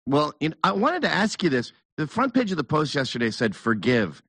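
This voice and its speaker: A man's voice: on the high side, very animated, brisk, a bit bright, no echo. A man hosting a casual chat, talking bluntly and emphatically, often with mockery.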